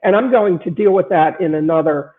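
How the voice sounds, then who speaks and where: A woman's voice: on the low side, a little fast. A middle-aged woman who coaches lawyers, talking straight to her viewers in a conversational way with frequent "uh" fillers and restarts. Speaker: lawyer coach hosting a broadcast. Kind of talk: direct-to-camera advice talk. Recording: tinny phone-like sound.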